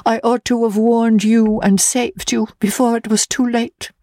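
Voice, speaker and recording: A woman voicing a frightened dying young woman, mournful, pleading, slow-spoken, audiobook. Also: a little high, level tone, mellow, dry recording, clean studio sound. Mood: remorseful. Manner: fearful, mournful, wandering pleading. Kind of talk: audiobook character reading.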